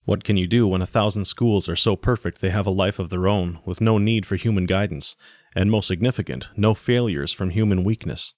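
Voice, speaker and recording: A man narrating a science fiction story in a steady, even audiobook style. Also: deep voice, a little fast, no echo, clean studio sound.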